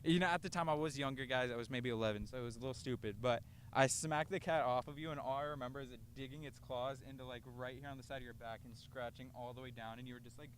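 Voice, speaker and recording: A man's voice: mid-range voice, fairly even intonation, quick pace, hardly any pauses, slight background noise. A young man co-hosting a casual podcast on a rooftop, telling stories in a laid-back way with swearing and laughter. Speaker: podcast co-host. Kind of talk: casual storytelling chat. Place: outdoors on a rooftop.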